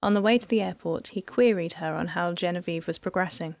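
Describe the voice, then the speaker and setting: A woman narrating an audiobook in an even, measured storytelling manner. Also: lowish voice, vocal fry, dry recording. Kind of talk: scripted narration.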